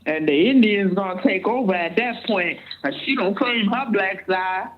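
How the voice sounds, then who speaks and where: A woman's voice: mid-range voice, normal speed, a little hiss or hum. Gossipy Jamaican-born woman caller on a phone line. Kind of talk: casual phone call-in.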